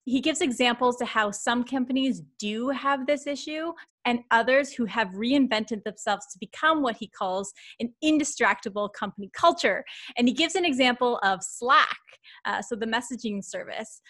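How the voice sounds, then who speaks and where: A woman's voice: a little high, a bit bright. A woman hosting a podcast, chatting supportively with her guest and summing up another author's ideas. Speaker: podcast host. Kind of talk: casual podcast interview.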